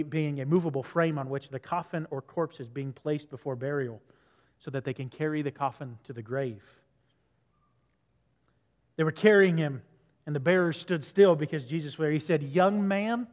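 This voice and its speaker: A man preaches in a church with a high, light voice, and his words ring out in a long hall echo. He keeps the sermon conversational and checks in with the listeners with quick questions. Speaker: pastor. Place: church sanctuary.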